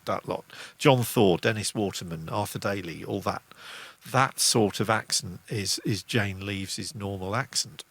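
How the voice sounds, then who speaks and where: Middle-aged male streamer with a Lancashire lilt, slow and meandering delivery. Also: fairly low pitch, creaky, a bit bright. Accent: English, Lancashire with Midlands traces. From England. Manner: rambling, self-interrupting, reads chat comments aloud. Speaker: livestream host, musician. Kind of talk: casual livestream chat.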